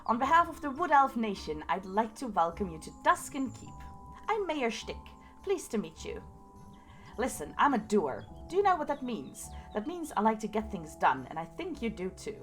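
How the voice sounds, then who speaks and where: Woman voicing an eager game mayor, brisk, salesy, self-satisfied, lively intonation. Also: a little high, faint music behind. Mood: upbeat. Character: eager go-getter town mayor, pushy and upbeat.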